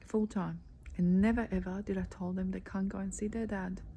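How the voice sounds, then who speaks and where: A life coach with a dark, mid-range voice coaches softly, her delivery flat. In her motivational talk she is earnest, slow, and emphatic, often dropping to a breathy near-whisper; the audio is poor, with faint background noise.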